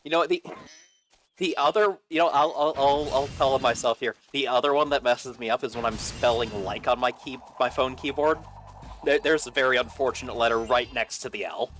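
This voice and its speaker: A man's voice: medium pitch, fairly quick, fairly bright tone. A man co-hosting a game stream, talking casually to chat, rambling and restarting his sentences and laughing at himself. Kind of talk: casual chat while gaming.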